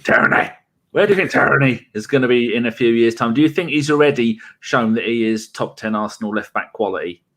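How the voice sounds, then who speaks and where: A man hosting a football podcast, reading out listener comments in a relaxed, hesitant way. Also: medium pitch, quick pace, hardly any pauses. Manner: relaxed, chuckling, hesitant fillers. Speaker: podcast host.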